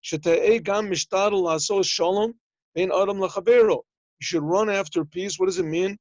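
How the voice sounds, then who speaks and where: A man's voice: high voice, moderate pace, darkish tone, no room sound. Male rabbi, lesson tone, acts out small dialogues in his stories, slightly muffled lo-fi call audio. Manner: explains in plain talk, translating Hebrew phrases as he goes. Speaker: rabbi teaching a yeshiva class. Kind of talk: Torah lesson over a video call.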